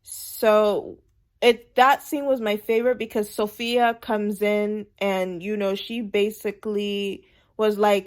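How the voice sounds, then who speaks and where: A woman chatting casually through a TV episode recap, animated and emphatic, repeating her points for effect. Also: mid-range voice, slow pace. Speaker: TV show recap vlogger.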